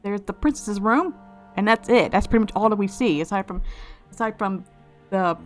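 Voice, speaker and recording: A woman's voice: mid-range voice, normal speed, faint music behind. A woman hosting a let's play, musing aloud and speculating in casual gameplay commentary, often restarting her phrases.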